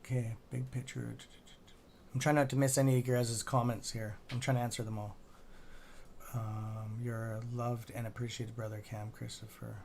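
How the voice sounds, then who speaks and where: A man's voice: mid-range voice, flat delivery, normal speed, gravelly, a little mellow, slight background noise. A man hosting a casual live stock-trading stream, rambling and chatty with a sore throat, swearing now and then.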